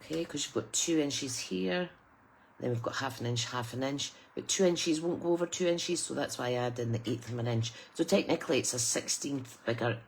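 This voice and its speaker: A woman's voice: a bass voice, fairly quick, slight background noise. A middle-aged British woman demonstrating papercraft in a live tutorial, chatty and soothing in a story-time teaching tone.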